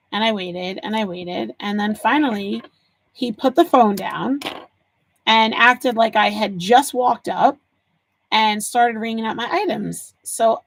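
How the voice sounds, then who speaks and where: A woman in her forties hosting a live stream, chatting casually with viewers and telling stories while she works on a craft project. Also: medium pitch. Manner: chatty storyteller, answers viewers' comments. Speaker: livestream host.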